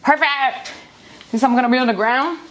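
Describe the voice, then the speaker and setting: This fitness instructor's voice sits high and keeps a moderate pace as she runs a live home class near a busy street. She calls out cues and countdowns energetically, running out of breath now and then.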